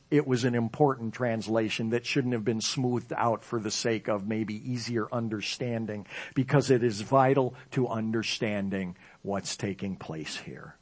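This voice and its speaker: A man preaching a sermon, reading scripture aloud dramatically and explaining it to his congregation. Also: mid-range voice. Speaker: pastor.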